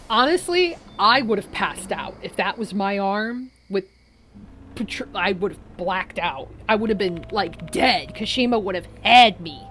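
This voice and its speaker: A woman's voice: mid-range voice, unhurried, a little hiss or hum. A woman streaming a horror game, chatting casually and swearing a lot as she reacts. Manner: excitable and swears freely. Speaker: gaming streamer.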